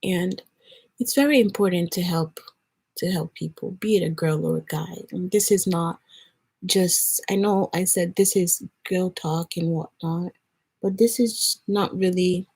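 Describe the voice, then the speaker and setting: With a lowish, husky voice, a Nigerian vlogger in her twenties recounts a personal story, unhurried and with long pauses. She is earnest and conversational, rambling along with fillers.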